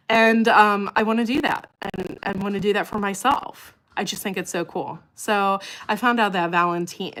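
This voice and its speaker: A woman with a fairly low voice chats on a livestream from home. She rambles happily and keeps repeating words when she gets excited. Her talk is loose and unscripted. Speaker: farm channel host. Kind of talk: casual livestream chat.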